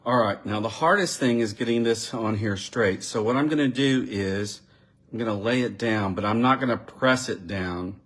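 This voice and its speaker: A man's voice: fairly low pitch, moderate pace, a bit bright. A man giving a live card-making demonstration, chatting and thinking aloud as he works and talking directly to his viewers. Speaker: crafting demonstrator.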